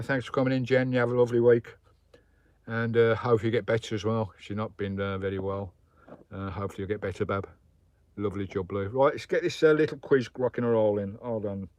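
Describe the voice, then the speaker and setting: A man's voice: mid-range voice, no room sound. A man hosting a casual live stream from his campervan, rambling between his viewers and his dog. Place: inside a campervan.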